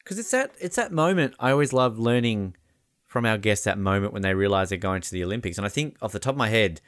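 A man's voice: lowish voice, animated, fast, a bit bright, no echo, studio quality. A man with an Australian accent hosting a sports podcast, talking in an enthusiastic, conversational way. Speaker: podcast host. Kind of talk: podcast interview and narration.

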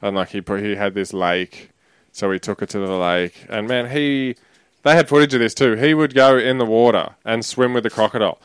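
A man in casual chat, telling animated stories with laughter and the odd swear word. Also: lowish voice, brisk, clear, resonant tone, dry recording.

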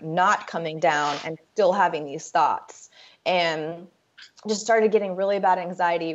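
Candid woman telling her story, lo-fi sound. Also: lowish voice. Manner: candid, halting, with many fillers and restarts. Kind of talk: personal storytelling in an interview. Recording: dull lo-fi sound.

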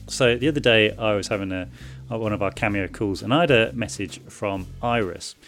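A man's voice: fairly low pitch, fairly quick, faint music behind. A man co-hosting a podcast in casual, upbeat and jokey chat. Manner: upbeat, lively intonation, jokey. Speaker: podcast co-host.

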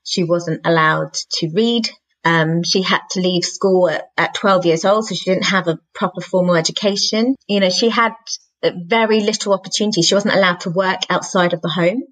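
A woman's voice: fairly low pitch, moderate pace, low-quality recording. Reflective woman recalling family. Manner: reflective, warm storytelling with frequent laughter. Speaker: podcast guest, author and singer. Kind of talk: conversational interview.

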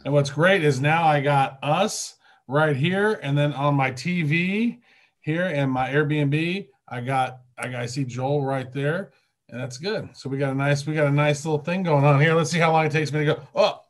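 A man's voice: on the high side, normal speed. A man co-hosting a podcast, playful and chatty, telling stories in casual banter. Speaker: podcast co-host.

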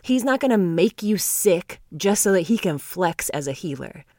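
A woman hosting a devotional podcast. She talks earnestly, stretches key words out slowly and laughs often. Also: on the low side, lively intonation, a little mellow, no room sound, clean studio sound. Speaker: podcast host.

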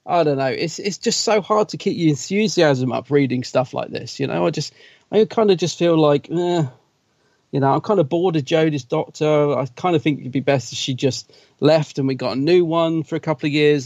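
A man with a somewhat higher voice vents in a casual podcast chat, downbeat and stammering over his restarts. The sound is dull and lo-fi, recorded dry with no room echo. He sounds frustrated. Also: brisk, a little mellow. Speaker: podcast co-host.

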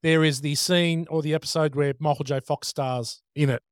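A man's voice: a little high, moderate pace, smooth, dry recording, studio quality. A man co-hosting a casual movie podcast, telling stories with energy and acting out quotes. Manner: animated storyteller, acts out quotes. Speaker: podcast co-host.

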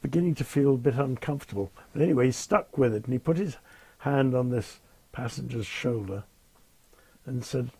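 Telling anecdotal stories in an interview, a retired airline captain in his later years keeps things dry, understated, and quietly amused. He speaks at a moderate pace in a mid-range voice that sounds creaky and mellow, with a breathy edge.

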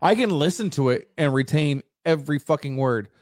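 A man co-hosting a podcast with blunt, crude and sarcastic humor. His voice sits slightly high for a man, and the recording is close and dry. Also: lively intonation, brisk, darkish tone, no echo. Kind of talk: casual podcast chat.

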